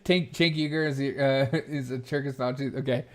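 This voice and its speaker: A male host chatting casually while setting up a prank call, giggling and rambling. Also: medium pitch. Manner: giggly, rambling, self-mocking. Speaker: show host. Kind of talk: casual comedic livestream chat.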